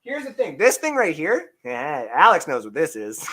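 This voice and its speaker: A man hosting a casual sports podcast, rambling and joking, breaking into shouted bits. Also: on the high side, wildly swooping pitch, normal speed, noisy background. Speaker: podcast host.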